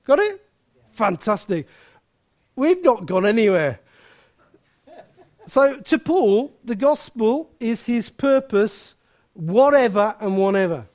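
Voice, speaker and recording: A man's voice: high-pitched, sing-song, takes it slowly, long pauses, darkish tone. A man preaching a sermon, chatty and self-mocking, often asking his listeners questions.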